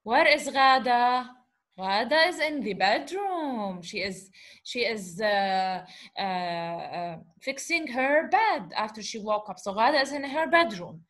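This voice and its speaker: A woman teacher, her voice sitting a little high. She walks learners through sounds patiently, repeating syllables slowly and checking in with questions. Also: expressive, a bit bright. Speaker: Arabic teacher. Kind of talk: teaching an Arabic letter lesson in English.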